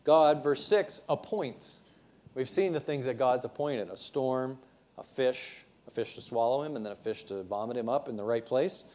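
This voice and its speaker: A man's voice: medium pitch, normal speed, darkish tone. A male preacher giving a sermon, retelling the story conversationally with frequent restarts.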